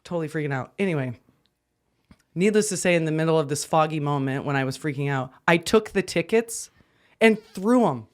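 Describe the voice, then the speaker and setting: A man of middle pitch who tells stories with lots of energy. He laughs often, his voice leaps high when he gets worked up, and there is a nervous edge under it. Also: brisk. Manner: animated storyteller, laughs often, swings up in pitch when excited. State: anxious. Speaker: podcast co-host. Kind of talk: casual chat.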